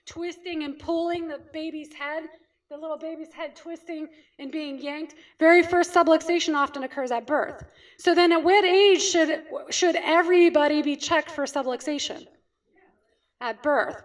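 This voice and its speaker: A high-voiced woman from California, a chiropractor, gives a storytelling talk to a group. She asks questions and then answers them herself, checking in often with "right?". She's heard from some distance off the mic.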